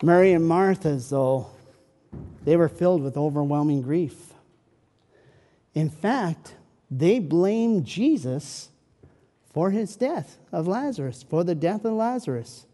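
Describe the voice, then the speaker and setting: Dramatic high-voiced male preacher. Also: expressive, slow pace, pauses often, long reverb tail. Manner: dramatic, swings from loud pleading to soft hushed tones. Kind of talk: sermon.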